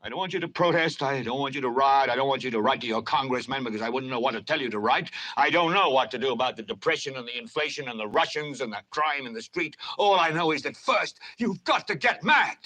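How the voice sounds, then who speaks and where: An actor playing a furious middle-aged male news anchor who rants on air and whips his words into shouted rallying cries. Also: mid-range voice, lively intonation, fast talker, hardly any pauses, poor audio. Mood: bitter. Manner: impassioned, repeats lines into shouted rallying cries. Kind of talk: film drama monologue.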